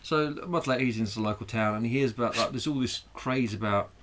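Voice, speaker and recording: A man's voice: medium pitch, fast talker, fairly bright tone, a little hiss or hum. A man co-hosting a comedy podcast over drinks, rambling and swearing a lot as he laughs at his own jokes. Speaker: podcast co-host. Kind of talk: casual, crude comedic chat over drinks.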